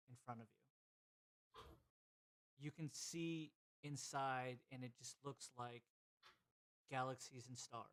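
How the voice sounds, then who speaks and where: A man narrating a tabletop role-playing game as its game master, mid-pitched and easygoing. He breaks off now and then for a joking aside before picking the scene back up.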